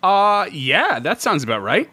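A man's voice: high-pitched, very animated, unhurried, bright, forceful tone, breathy edge, no room sound. Hesitant male podcast co-host. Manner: hesitant, many fillers, laughs often. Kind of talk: casual chat.

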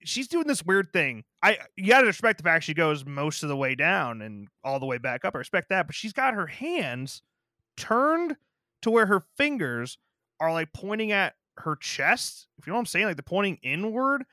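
A man co-hosting a podcast, reviewing a movie in laid-back casual chat and acting out quotes in a higher voice. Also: very animated, moderate pace, pushed and bright, no room sound, clean studio sound. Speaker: podcast co-host.

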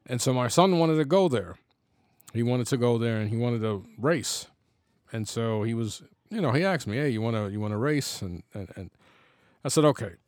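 A man in his fifties chats through personal stories, laughing easily and often starting his sentences over. His voice sits at a middle pitch. The recording is dry and close, with no room sound. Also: animated, moderate pace, darkish tone, no room sound. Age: 50s. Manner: rambling, laughs often, many restarts. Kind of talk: casual personal storytelling. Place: home.

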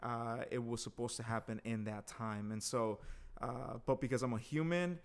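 A man's voice: medium pitch, fairly even intonation, normal speed, creaky, clean tone. A man who is a guest on a podcast, speaking earnestly and encouragingly about his faith in casual conversation.

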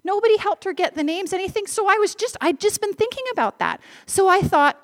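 A woman's voice: very high voice, expressive, fast, hardly any pauses. A woman preaching, telling a personal story in an earnest, conversational way and speaking directly to a congregation of grown-ups and children.

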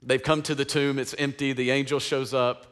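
Bright-voiced preacher man. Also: mid-range voice, little pitch movement, normal speed, smooth. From East Tennessee, USA. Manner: impassioned preaching with call-and-response. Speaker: pastor. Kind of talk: Easter sermon.

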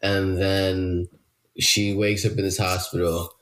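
A man hosts a casual movie review podcast, rambling loosely and swearing often. His voice sits low and is a bit bright, with a flat delivery and a slow pace.

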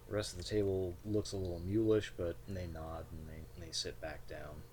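Low-voiced male game master. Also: level tone, a little fast, hardly any pauses, mellow, a little hiss or hum. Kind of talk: narrating a tabletop game.

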